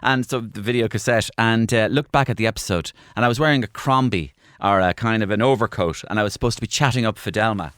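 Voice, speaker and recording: A man, a comedian guest telling lively stories in a radio studio interview, often repeating phrases. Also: fairly low pitch, fast talker, few pauses, no room sound. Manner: animated storyteller, repeats phrases.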